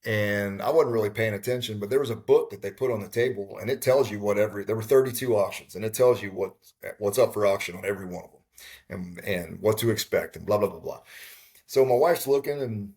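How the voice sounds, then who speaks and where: A man chatting as a podcast guest, telling a lively story with acted-out quotes. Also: on the low side, quick pace. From Texas. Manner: animated storyteller, acts out quotes. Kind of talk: casual storytelling chat.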